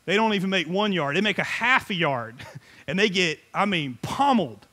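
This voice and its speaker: Middle-aged male pastor, high bright voice, lively joking sermon delivery. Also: moderate pace. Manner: animated, joking, conversational preaching with frequent laughs.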